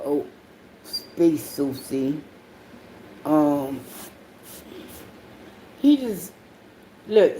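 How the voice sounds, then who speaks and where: A woman hosting her own podcast, telling rambling, profanity-heavy stories in a casual monologue, swinging between loud outbursts and low mutters. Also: a little hiss or hum. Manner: profane, rambling storytelling with frequent swearing. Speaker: podcast host.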